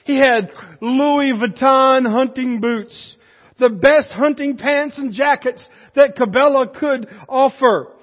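A man preaching a sermon, telling a folksy story with lively animation. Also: extremely high pitch, slow pace, long reverb tail, muffled recording. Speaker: pastor.

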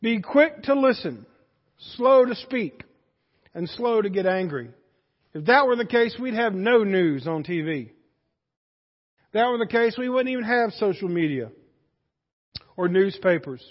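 A man preaching a Sunday sermon, his voice pitched very high for a man. He tells homespun stories and builds to loud points of emphasis. The sound is dull and muffled, with long reverb from a church sanctuary. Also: expressive, measured pace, pauses often. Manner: folksy storytelling preacher, rising to loud emphasis. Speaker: pastor.

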